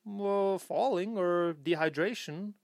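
A man's voice: sits high, slow pace, vocal fry, darkish tone, no echo, clean studio sound. A man hosting a casual podcast chat, joking around and reading short excerpts aloud. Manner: reads excerpts aloud, jokey. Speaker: podcast host.

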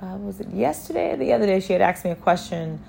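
A woman giving a spiritual encouragement talk, speaking directly to the listener with gentle, repeated reassuring affirmations. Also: medium pitch, very animated, fast, vocal fry, a little hiss or hum. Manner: speaks directly to the listener, asking if they follow.

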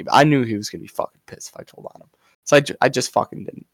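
A man's voice: medium pitch, lively intonation, rapid-fire, a bit bright, dry recording, clean studio sound. A young man co-hosting a podcast, rambling through a school story in casual, profane chat. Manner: profane, rambling, repeats himself. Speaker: podcast co-host.

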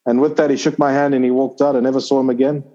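A man's voice: medium pitch, flat delivery, rapid-fire, mellow. A middle-aged man from Zimbabwe, a former cricketer being interviewed, telling a long anecdote in a loose conversational way with fillers and restarts. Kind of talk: conversational storytelling. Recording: slightly dull lo-fi audio.

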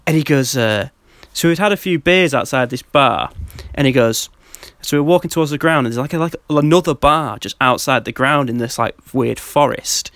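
A man telling animated, rambling stories in a casual podcast chat. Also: medium pitch, normal speed, no room sound. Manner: rambling, animated storytelling with many fillers.

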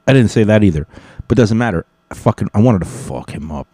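A man's voice: lowish voice, animated, brisk, dark tone, slightly rough, no echo. A young man telling a comic story casually, rambling and swearing freely, often correcting himself mid-sentence. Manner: rambling, profane, self-correcting.

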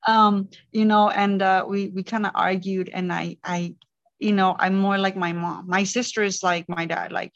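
A woman's voice: mid-range voice, flat delivery, moderate pace, no echo. Woman, coaching client, hesitant, rambling, fillers, muffled lo-fi audio. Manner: rambling, hesitant, many "like" and "you know". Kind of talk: personal interview.

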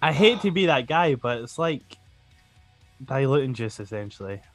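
A man's voice: mid-range voice, big pitch swings, moderate pace, dry recording, soft background music. A man hosting a podcast in casual chat, joking and laughing often. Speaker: podcast host.

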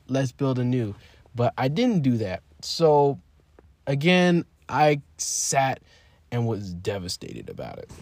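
A man in his twenties telling his own story on a podcast in a rambling, candid way, swearing freely and swinging from quiet to emphatic. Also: mid-range voice, dry recording. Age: 20s. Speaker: podcast host. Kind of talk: casual personal storytelling.

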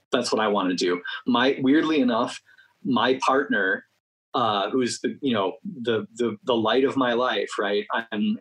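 A man's voice: fairly low pitch, fairly bright tone, slightly rough, low-quality recording. A middle-aged man, a college film teacher, talking in a panel discussion with many restarts and fillers.

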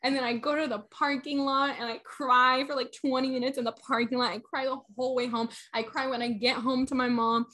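A woman's voice: sits high, little pitch movement, fairly quick, hardly any pauses, pushed and bright. A young woman in casual chat, animatedly retelling a story and acting out the quotes.

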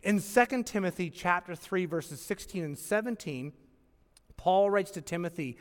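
A man preaching a sermon as pastor, with emphatic pauses and acted-out quotes. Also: high-pitched, lively intonation. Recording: long hall reverb.

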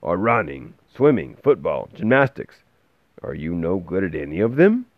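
A man voicing a gruff, grumbling old male bookseller who speaks slowly and with disapproval, recorded with a dull, dry sound. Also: deep voice, big pitch swings, no room sound.

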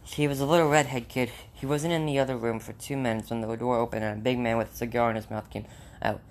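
A man's voice: mid-range voice, steady tone, fast talker, a little hiss or hum. A man reading a children's novel aloud in a plain way, with small slips and restarts. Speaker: reader.

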